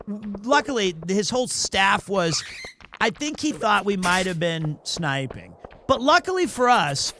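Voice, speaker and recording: A man with a fairly high voice tells a casual, rambling anecdote while he streams a game. He keeps circling back and restarting his sentences. A faint hiss sits under his voice. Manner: rambling, self-correcting, animated anecdote.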